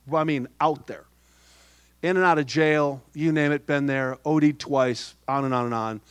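A middle-aged man preaching a sermon, soft-spoken, telling a personal story with humor and quoted dialogue. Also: on the high side, steady tone, moderate pace, smooth, no echo. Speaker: pastor.

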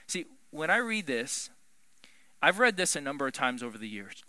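Male preacher, animated and emphatic sermon delivery, bright sharp tone, dry close sound. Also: mid-range voice, moderate pace, no room sound. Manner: animated, emphatic, swings from loud to hushed.

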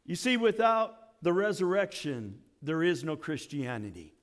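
A man's voice: a little high, very animated, moderate pace. A man preaching a sermon as a church pastor, using rhetorical questions and dramatic emphasis.

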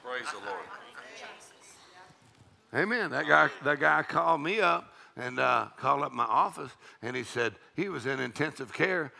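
A middle-aged man preaching a charismatic sermon, breaking into loud shouts and rhythmic laughter. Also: mid-range voice, vocal fry.

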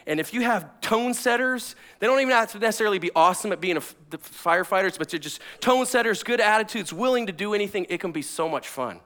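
A man, a pastor and former firefighter, preaching with personal stories in an energetic, conversational way that swings between loud bursts and hushed asides. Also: high-pitched, fast talker, hardly any pauses.

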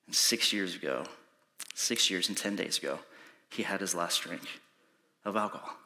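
A man preaching a sermon, telling a personal story with urgency, sometimes hushed and sometimes pleading. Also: sits low, moderate pace. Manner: urgent pleading, rising to shouting in reenacted moments; soft and hushed when recounting prayer. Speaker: pastor.

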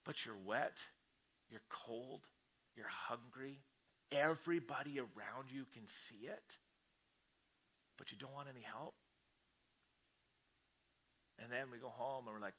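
A man preaching a sermon to his church congregation in an animated, conversational way, often acting out the voices he quotes. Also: mid-range voice, a little slow, pauses often, breathy edge. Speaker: pastor. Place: church service before a congregation.

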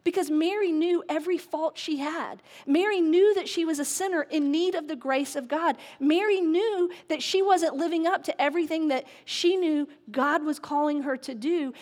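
A woman's voice: high-pitched, normal speed, few pauses, darkish tone. A woman pastor giving a sermon, candid and self-mocking in her delivery. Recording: echoey hall with long reverb.

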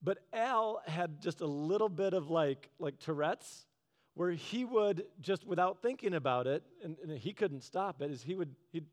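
Male preacher with a high voice and an earnest, chatty sermon delivery. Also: expressive, normal speed. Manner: earnest, chatty storytelling with laughs. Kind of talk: conversational sermon.

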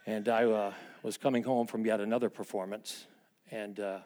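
A man's voice: lowish voice, little pitch movement, moderate pace. Fervent older male preacher. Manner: dynamic preaching, dropping to hushed confessional tones and rising to fervent emphasis. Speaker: pastor. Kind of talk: sermon.

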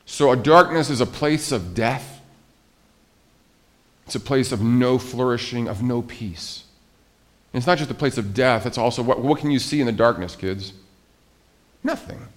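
This conversational sermon comes from a male pastor whose voice sits at medium pitch; he's energetic and animated, tossing rhetorical questions at the congregation.

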